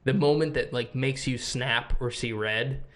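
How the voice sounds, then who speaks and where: A young man from the United States, co-hosting a podcast in casual chat, rambling and swearing as he tells animated stories. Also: mid-range voice, unhurried. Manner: rambling, profane, animated storytelling. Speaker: podcast co-host.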